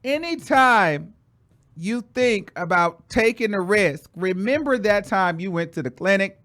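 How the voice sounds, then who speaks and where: Man, high-pitched voice, sassy dramatic storyteller, casual show host, calls everyone girl. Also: animated, unhurried, bright, forceful tone.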